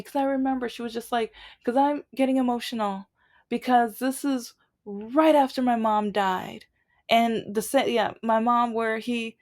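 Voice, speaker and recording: A woman's voice: a little high, a little mellow. A woman vlogger telling a long personal grievance story in a casual, rambling way, with many restarts.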